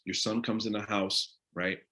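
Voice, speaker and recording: A man leading a live discussion, asking the audience direct questions in an animated way. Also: on the low side, moderate pace. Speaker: discussion leader on a live stream. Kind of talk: interactive talk with the audience.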